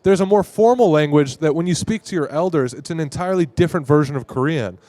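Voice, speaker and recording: A man with a slightly higher voice speaks with firm emphasis and quick agreement, pressing his points with conviction. The recording is dry and close-miked. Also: mellow, no echo. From Arizona, US. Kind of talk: casual conversation. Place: convention floor.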